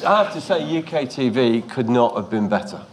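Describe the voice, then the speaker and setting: A man, a producer speaking on a panel in a halting, chatty way and laughing often. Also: mid-range voice, animated. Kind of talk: panel talk.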